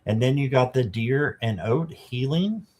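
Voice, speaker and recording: A man's voice: mid-range voice, animated, unhurried, darkish tone. A man doing a casual live tarot reading, chatting to viewers and reading the card text aloud. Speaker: tarot reader.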